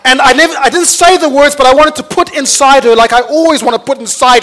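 High-pitched pastor preaching. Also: male voice, fast, hardly any pauses. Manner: energetic storytelling, rising to loud exhortation. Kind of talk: sermon. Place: church auditorium.

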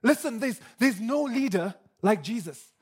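A man preaching a sermon with animated emphasis, often repeating words as he builds his points. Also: extremely high pitch, measured pace, husky.

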